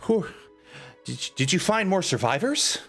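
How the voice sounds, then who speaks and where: A man's voice: sits high, sing-song, normal speed, fairly bright tone, soft background music, voice pushed up, heavily acted. A man voicing an anxious, caring elven woman healer, speaking in urgent, worried questions.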